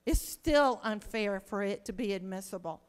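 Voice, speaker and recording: A woman's voice: mid-range voice, moderate pace, smooth. A woman state senator gives an impassioned floor speech, pleading and asking rhetorical questions. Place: large legislative chamber. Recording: long reverb of a large chamber.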